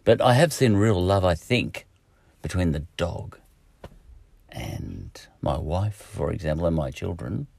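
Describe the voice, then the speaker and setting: A middle-aged man with an Australian accent muses aloud on his podcast, wandering from thought to thought with jokes at his own expense. His voice sits low with a gravelly, husky grain and swings widely in pitch. The sound is close and dry. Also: sing-song, a little slow, darkish tone, dry recording. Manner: jokey, self-mocking, meandering. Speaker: podcast host. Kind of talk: rambling solo podcast monologue.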